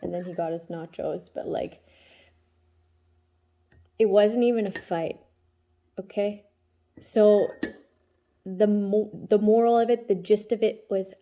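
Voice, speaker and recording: Woman, 30s, tarot reader, chatty, warm mellow tone, keeps asking "okay?". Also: mid-range voice, fairly even intonation, slow pace, long pauses, dull audio. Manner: chatty, tags lines with "okay?". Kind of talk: casual spiritual vlog talk.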